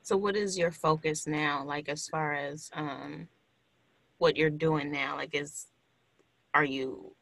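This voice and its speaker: Bright-voiced interviewer from Milwaukee. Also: mid-range voice, slow, gravelly. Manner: relaxed, many fillers. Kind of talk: casual conversation.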